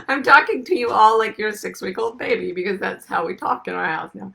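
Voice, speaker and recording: A woman's voice: medium pitch, brisk, vocal fry, hardly any pauses, bright, forceful tone. A middle-aged woman hosting, talking casually and playfully to an online audience and greeting listeners by name. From United States. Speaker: host.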